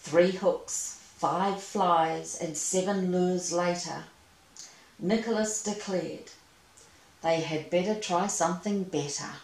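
A woman reading a children's storybook aloud, gentle and expressive with playful asides. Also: fairly low pitch, slow, distant mic. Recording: echoey room, away from mic.

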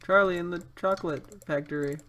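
A young man chats over an online match, joking and needling his friend. His voice is bright and forceful, and he breaks into sudden high yelps when the game gets tense. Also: fairly quick. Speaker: gaming YouTuber. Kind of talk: casual gaming chat.

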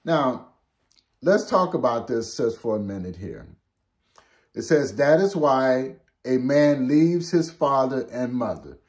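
An older man, a pastor, teaching a Bible lesson in a slow, conversational way, often checking in with "okay?". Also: mid-range voice, animated.

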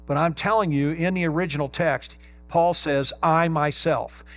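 A man's voice: on the high side, steady tone. Emphatic male pastor preaching. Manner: emphatic preaching, stresses key words slowly. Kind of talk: sermon.

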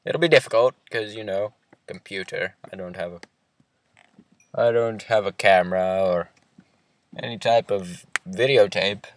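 Guy in a put-on accent teasing his buddy while gaming, lowish voice. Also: a little slow, long pauses. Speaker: host. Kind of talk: casual gaming chat.

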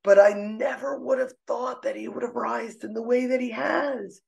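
A middle-aged woman speaking as a podcast guest, expressive and emotional, laughing often as she talks. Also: fairly high pitch, moderate pace, creaky. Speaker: podcast guest, artist and author. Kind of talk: casual conversational interview. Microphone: own microphone.

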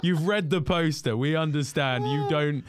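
A young man, a podcast guest telling a story in casual chat, animated and often laughing. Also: fairly high pitch, normal speed, noisy background.

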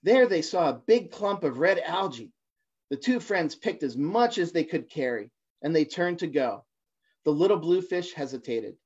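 A man in his forties, a guest reader, reading a children's picture book on a livestream, halting at times with fillers and restarts. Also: a little high, lively intonation, darkish tone. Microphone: phone or laptop for a livestream. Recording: dull lo-fi livestream audio.

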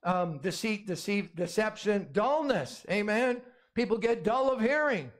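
A man with a high, ringing voice preaches with insistent, repetitive emphasis. He drives points home by repeating phrases and punctuating them with amen. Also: animated, unhurried. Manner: emphatic, repetitive, calls for amens. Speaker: pastor. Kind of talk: sermon.

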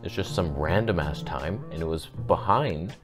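A man's voice: moderate pace, music in the background. A man telling a story in a casual vlog, acting out what people said with big jumps in his voice. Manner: animated, acts out quoted dialogue with big pitch jumps. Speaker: camera YouTuber.

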